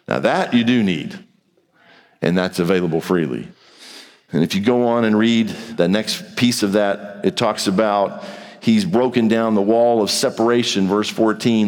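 A male pastor preaches in a hall with a long reverb tail. He talks in a conversational way, plays out imagined back-and-forth exchanges, and swings from hushed low passages to raised, urgent highs. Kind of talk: sermon.

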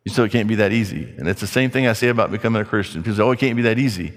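A man's voice: lowish voice, racing, big-room sound. A man preaching a sermon in an emphatic, conversational way, asking rhetorical questions.

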